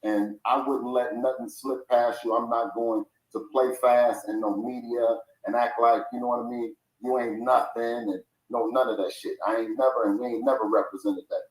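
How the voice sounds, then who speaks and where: A man's voice: medium pitch, flat delivery, moderate pace, hardly any pauses. A middle-aged man, a boxer's father, insistently arguing his point on a video call, repeating himself and swearing. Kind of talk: heated call with a fighter. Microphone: video call audio. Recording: roomy video call audio.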